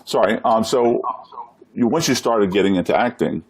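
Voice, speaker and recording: A man with a deep, husky voice hosts a casual live-stream interview. He keeps things upbeat, asks his guest questions, and nudges viewers to share the show. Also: normal speed.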